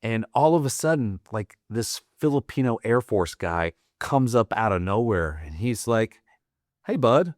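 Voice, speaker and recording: Veteran podcast guest, male, deep voice, salty and loose, dry studio sound. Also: animated, normal speed, hardly any pauses, dry recording. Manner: profane, rambling, full of "like" fillers. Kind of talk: casual storytelling.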